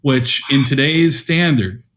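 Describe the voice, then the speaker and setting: An educator in his fifties appears as a podcast guest, telling conversational stories and acting out the dialogue he quotes. His voice is medium-pitched, slow, and fairly bright in tone.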